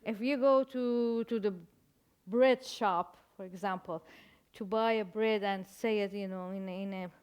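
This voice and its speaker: An older woman with a Persian accent, a native Persian speaker, telling stories as a guest author in a reflective interview, halting and searching for words with wry humor. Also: medium pitch, steady tone, a little mellow, smooth. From Iran.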